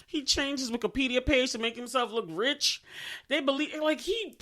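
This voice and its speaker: A woman co-hosting a casual podcast chat, animated and laughing often as she talks about a show. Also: high-pitched, normal speed. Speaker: podcast co-host.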